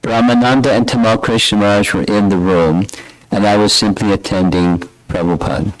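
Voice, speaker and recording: Older male spiritual teacher, very low voice, close and dry sound, reflective class delivery. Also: fairly even intonation, no echo, faint music behind, rough recording. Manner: reflective, unhurried storytelling. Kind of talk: scripture class.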